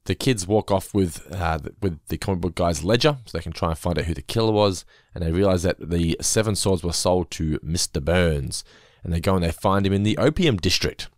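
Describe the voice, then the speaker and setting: Man, podcast co-host, low voice, relaxed recapping, dry close mic. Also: brisk, dry recording. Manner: relaxed recapping, mimicking quoted lines. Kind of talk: casual episode review chat.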